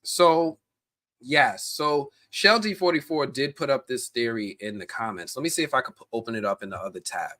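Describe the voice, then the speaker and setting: Talking at a moderate pace in a medium pitch, a U.S. man runs a live stream and chats animatedly with his audience. He speaks directly to people in the chat in a casual way, with lots of restarts.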